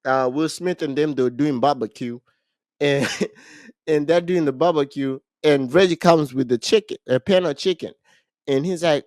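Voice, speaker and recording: Fairly high-voiced man recapping a movie. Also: normal speed, dry recording, clean studio sound. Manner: animated storytelling with frequent restarts. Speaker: podcast co-host. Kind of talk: casual podcast movie recap.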